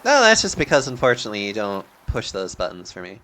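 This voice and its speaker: A man's voice: lowish voice, wildly swooping pitch, fast talker, sharp tone. A man streaming a game and chatting casually with friends, rambling and laughing often. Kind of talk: casual chat while gaming.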